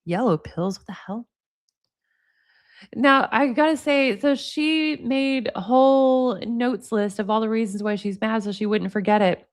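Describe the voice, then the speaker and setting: A woman in her forties hosts a casual reaction commentary, reading text messages aloud and cutting in with blunt, laughing remarks. Her voice sits a little high and she swears freely. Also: measured pace. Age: 40s.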